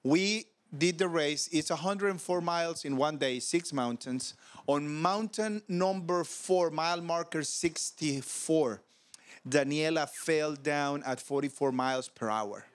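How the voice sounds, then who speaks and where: A man with a fairly high voice preaches at a ministers' convention. He tells a personal story with feeling and acts out the voices of the people in it. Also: unhurried. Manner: emotional, animated storytelling with quoted dialogue. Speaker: pastor. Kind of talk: conference sermon storytelling. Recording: audio of a convention talk.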